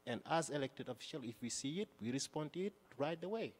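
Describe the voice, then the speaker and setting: A man's voice: a little high, animated, fast. Accented male councilor, impassioned floor speech, reverberant council hall. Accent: non-native English. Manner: emphatic, repeats and restarts phrases. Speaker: city councilor. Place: city council chamber. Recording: long reverb of a council chamber.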